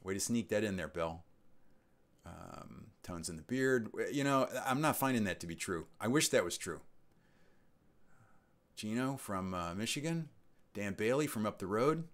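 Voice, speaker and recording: With lively intonation, a fairly low pitch, and a moderate pace broken by long pauses, a man in his sixties hosts his channel's live stream. He reads viewer comments aloud and chats casually, wandering into asides.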